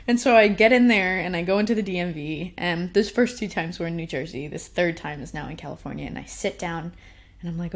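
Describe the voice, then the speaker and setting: A young woman shares a story from her own life in relaxed, spoken storytelling. Her voice sits a little low, and she talks with animated, self-deprecating humor, often breaking into laughs. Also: brisk. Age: young adult. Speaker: speaker sharing personal stories. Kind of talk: casual storytelling talk.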